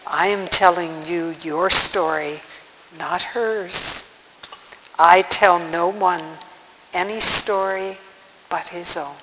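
A man voicing a vast, calm, ancient male lion who speaks slowly and solemnly. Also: high-pitched, in a large hall, noisy background. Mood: gentle. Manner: slow, solemn and measured.

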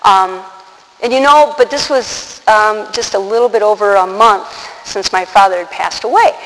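A woman telling a personal story to an audience, animated, acting out the quotes and laughing often. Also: medium pitch, moderate pace. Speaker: religious speaker. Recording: long hall reverb, faint noise.

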